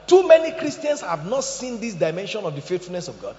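High-voiced animated male preacher. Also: quick pace. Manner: animated storytelling, asks the congregation questions. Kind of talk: sermon. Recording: echoey hall, dull sound.

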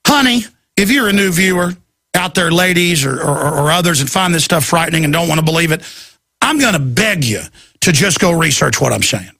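A man's voice: a little high, animated, fairly quick, creaky, pushed and bright, no echo. A man hosting a show, delivering an urgent, insistent ranting monologue to his viewers. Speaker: host.

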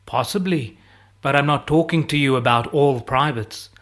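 A man reading an audiobook voices a soldier from another company who lectures in a slow, drawling, preachy way. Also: medium pitch, fairly bright tone, close to an everyday voice. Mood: lecturing. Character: male soldier strolling by, lecturing and knowing.

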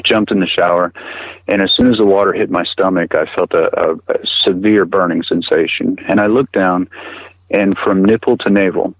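A middle-aged man telling his story in an interview, halting and repeating words with many fillers, heard over a tinny phone line. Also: low-pitched, steady tone, husky, no room sound. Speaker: guest recounting personal experience.

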